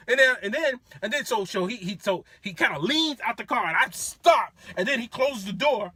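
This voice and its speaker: A rideshare driver telling stories in a casual, animated way, laughing as he goes. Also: very high voice, brisk, few pauses, breathy edge, dry recording. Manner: animated, laughing, acts out voices. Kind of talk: casual storytelling.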